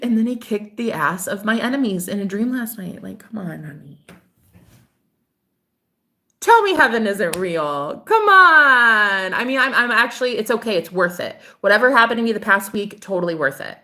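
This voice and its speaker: A young woman vlogs casually to camera about her spiritual life in a monologue, animated and laughing often, with plenty of swearing. Her voice sits at a medium pitch and moves at a normal speed.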